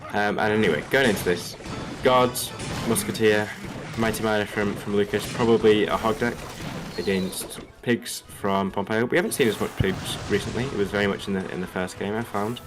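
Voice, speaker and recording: A man's voice: lowish voice, over music. A man from England with a general English accent and a slight Australian twang, co-casting esports and breaking down plays analytically. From Liverpool, England. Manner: quick, analytical. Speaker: co-caster. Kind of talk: esports commentary.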